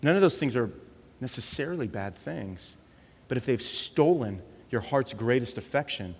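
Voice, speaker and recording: A man preaching a sermon with passion, repeating words for emphasis and dropping softer for reflective passages. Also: medium pitch, animated, normal speed, slightly rough, big-room sound. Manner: impassioned, repeats words when stressing a point. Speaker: pastor.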